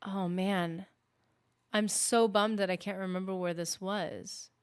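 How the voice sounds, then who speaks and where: A woman's voice: mid-range voice, fairly even intonation, unhurried, smooth. A woman gaming streamer chatting casually and rambling while she plays, often correcting herself. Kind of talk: casual live-stream chat.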